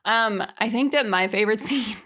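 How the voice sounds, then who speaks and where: A young woman in casual film chat, animated and often laughing as she acts out lines from the movie. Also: medium pitch, normal speed.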